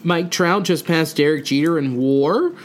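A young man co-hosting a casual sports podcast, riffing jokes and roasting players with quick laughs. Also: fairly high pitch. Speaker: podcast co-host. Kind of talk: casual comedic roast chat.

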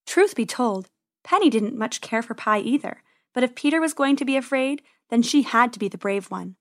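A woman's voice: fairly high pitch, animated, normal speed. Woman reading a storybook aloud.

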